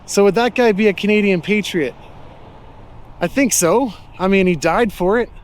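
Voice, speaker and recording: A man with a high-pitched voice talks casually to his handheld camera as he walks through a city street and park. He is friendly and reflective, thinking aloud with plenty of fillers and stopping strangers to ask them questions. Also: moderate pace, slight background noise. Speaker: street interviewer and vlogger.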